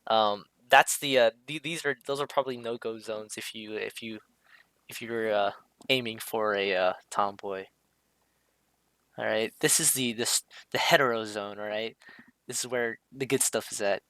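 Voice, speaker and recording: Male streamer, casual hesitant commentary, bright tone, dry close recording. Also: on the low side, fairly even intonation, moderate pace, no echo. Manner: hesitant, many fillers and restarts, self-interrupting. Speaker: streamer explaining a drawing. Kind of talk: casual rambling commentary over a drawing.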